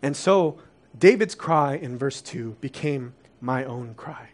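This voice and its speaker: A young adult man preaching a sermon, earnest and confessional, dropping soft and then rising to emphatic peaks. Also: medium pitch, lively intonation, takes it slowly.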